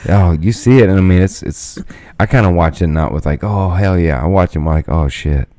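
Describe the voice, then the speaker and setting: A man's voice: sits low, quick pace, warm tone, no echo. A man co-hosting a casual podcast chat, swearing freely and laughing often. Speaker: podcast co-host.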